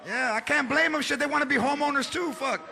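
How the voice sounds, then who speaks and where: A man doing a loud stand-up comedy routine on a theater stage, shouting punchlines, acting out characters and dropping Spanish phrases. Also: extremely high pitch, fast, gravelly. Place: large theater with live audience. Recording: live show with crowd noise. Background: audience laughter and crowd noise.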